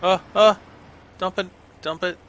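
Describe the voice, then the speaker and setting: A man's voice: high-pitched, steady tone, unhurried, fairly bright tone, a little hiss or hum. A middle-aged American man giving casual, rambling gameplay commentary, self-deprecating and chuckling often. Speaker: gaming channel host.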